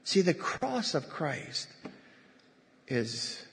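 A man's voice: on the high side, sing-song, drawn-out words, creaky, slight background noise. A man preaching a sermon as pastor in a church, conversational, with asides and jokes to his congregation. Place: church sanctuary. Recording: long reverb of a church hall.

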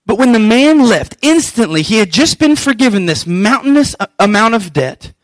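A man preaching a sermon as pastor, animated and acting out scripture scenes. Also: high voice, normal speed, dry recording, low-quality recording.

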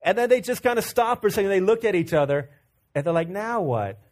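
A preacher with a high voice for a man delivers a sermon like a friendly story. He talks straight to the room, trips over his words, and starts his sentences again. He grew up in Virginia. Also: lively intonation, fast, darkish tone. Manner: conversational storytelling with restarts, addresses the room as y'all.

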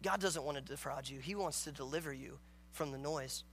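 A pastor delivers a sermon to a congregation, earnest and emphatic, his notably high voice bright and forward. He reads scripture and breaks into acted-out dialogue, talking fairly quickly over faint music.

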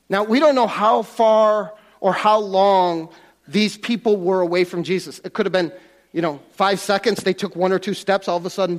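A man preaching a casual, conversational sermon to a congregation in a church, often restarting and repeating words. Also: high voice.

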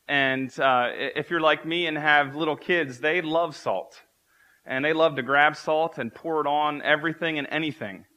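A man's voice: on the high side, bright, forceful tone. A man in his thirties preaching a sermon as pastor, earnest and repeating key phrases for emphasis.

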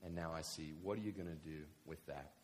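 A preacher acting out a plainspoken healed man who shrugs off his questioners. The voice drops low and soft, with an easy, drawling manner. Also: a little fast. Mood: unbothered.

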